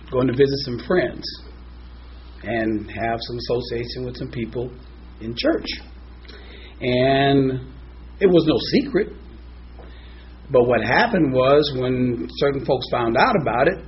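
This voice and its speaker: A man preaching a sermon, telling a joke story with quiet quoted voices and lively shifts in pitch. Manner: animated storyteller, voices soft and low for quoted lines. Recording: slightly dull with faint noise.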